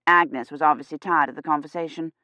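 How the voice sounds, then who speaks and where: A woman narrating an audiobook in a measured, even storytelling manner. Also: low voice, no echo. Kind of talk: scripted narration.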